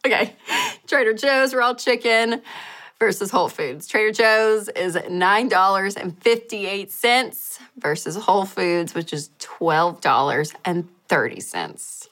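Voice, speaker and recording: A woman hosting a casual money-saving vlog, comparing grocery prices in an upbeat, chatty way with quick laughs and animated asides. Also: mid-range voice.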